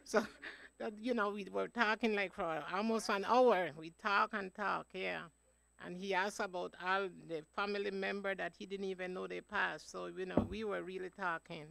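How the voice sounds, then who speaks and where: A woman giving a slow, rambling remembrance speech about her cousin at a funeral. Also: mid-range voice, steady tone, gravelly, fairly bright tone. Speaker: eulogy speaker, cousin of the deceased. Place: funeral home.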